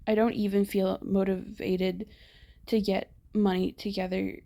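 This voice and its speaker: A young woman reading her own document aloud, soft and halting with hesitations, her voice wearing out. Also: medium pitch, flat delivery, vocal fry. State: losing her voice.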